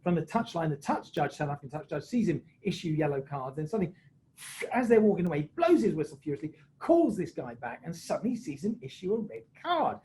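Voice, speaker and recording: High-voiced joking man telling a story. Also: a little fast, slight background noise, poor audio. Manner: jokey, self-mocking, animated. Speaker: former rugby referee, panel guest. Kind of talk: anecdotal storytelling on a webinar. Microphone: video call.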